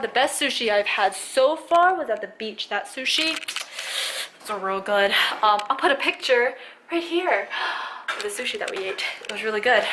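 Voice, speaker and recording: A young woman with a slightly high voice vlogs at home and in the garage against a noisy background. Her casual vlog chat is rambling and chatty, packed with fillers.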